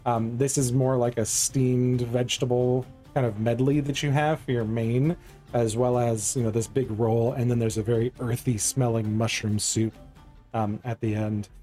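A man's voice: medium pitch, flat delivery, moderate pace, mellow. Rambling game master man, faint music behind. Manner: loose, rambling, frequent ums. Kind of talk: narrating a tabletop game.

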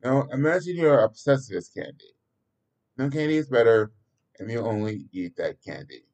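A man's voice: medium pitch, animated, normal speed, a little mellow, natural voice, poor audio. A man voicing a tired, guilty divorced father in a read-aloud story, speaking awkwardly and with hesitation.

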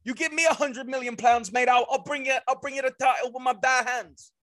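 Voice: sits high, steady tone, a little fast, no room sound, clean studio sound, pitched above the performer's own voice. A podcaster putting on a rowdy Cockney football lad. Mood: worked up. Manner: rowdy, slangy, profane, shouting. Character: mouthy young male London football fan.

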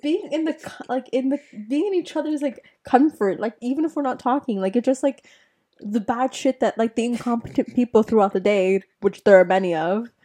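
A young woman chatting with friends, rambling and halting with many fillers. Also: a little high, dark tone. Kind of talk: casual chat among friends.

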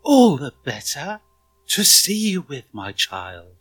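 A man voicing a sly, hungry male wolf disguised as a grandmother, speaking in a high, slow, trembling voice. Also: huge pitch swings, fairly bright tone, no room sound, full character voice.

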